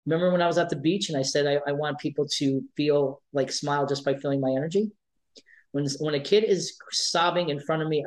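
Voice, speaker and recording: A man's voice: a little high, a little fast, rough recording. Passionate man speaking up for kids. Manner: passionate, emotional, emphatic repetition. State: emotional, near tears. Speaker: advocate for trans youth. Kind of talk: interview guest.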